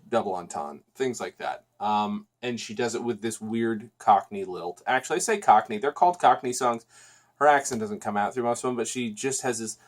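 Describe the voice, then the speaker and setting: A man with an ordinary mid-range male pitch hosts a solo podcast, reviewing things in a loose, chatty way. He rambles, restarts often, doubles back on himself, and fills gaps with "um" and "uh."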